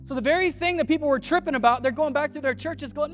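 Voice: high voice, fast. Casual slangy preacher over faint music. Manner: casual, slangy preaching that acts out biblical figures. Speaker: pastor. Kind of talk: sermon.

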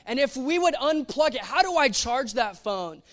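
A man preaching a sermon in an animated, playful way, acting out little quotes as he goes. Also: very high-pitched, moderate pace.

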